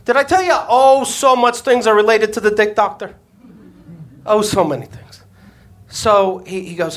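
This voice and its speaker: Man, comedian on stage, live audience, crude storytelling, animated delivery, faint background noise. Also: sits high, a little slow. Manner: crude, animated, acts out quoted voices. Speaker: comedian and podcast host.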